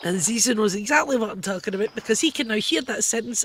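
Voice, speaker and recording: A woman with a hoarse, deep-sounding voice, chatting casually, exasperated and swearing as she streams a game. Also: animated, fast, hardly any pauses, slight background noise. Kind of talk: casual gaming stream commentary.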